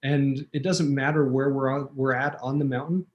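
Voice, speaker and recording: A man's voice: mid-range voice, normal speed, dull audio. A man telling a vivid personal story as a talk show guest, acting out quotes, with fillers and restarts. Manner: animated storyteller, acts out quotes.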